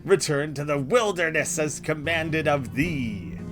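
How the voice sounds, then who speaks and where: A solemn village priest declaims slow, grave warnings, as a man puts him on while reading game dialogue aloud. The voice is pitched above a man's normal talk, drawn out and weighty. Guitar music runs in the background. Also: close to an everyday voice.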